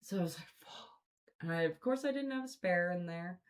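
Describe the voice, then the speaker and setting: Speaking quickly with lively intonation, a woman with a lowish voice hosts a podcast. Her storytelling is casual and meandering, heavy on profanity and fillers.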